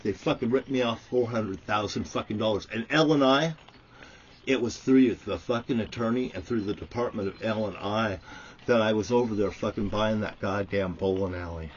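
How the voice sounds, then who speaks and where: A vlogger delivers an angry monologue to the camera, ranting and swearing constantly. His voice is on the low side and slightly rough, at a moderate pace, in dull lo-fi audio.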